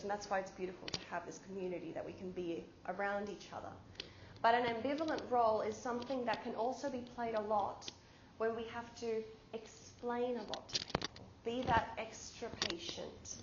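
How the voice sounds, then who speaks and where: A woman presenting at a conference workshop, explaining ideas through everyday examples and giving the audience instructions. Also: fairly high pitch. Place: conference room. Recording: echoey room, dull sound, background noise.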